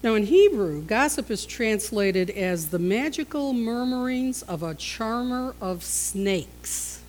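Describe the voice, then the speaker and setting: A woman pastor preaching a sermon, telling stories and acting out the characters with lively shifts in voice. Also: slow, rough recording. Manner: storytelling, acting out scenes with shifts in pitch and loudness.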